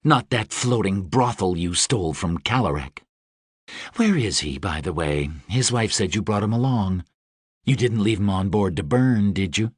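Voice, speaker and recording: A male audiobook narrator voicing a cold, menacing winged woman warrior, speaking low, slow and threatening. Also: expressive, husky, no echo, clean studio sound.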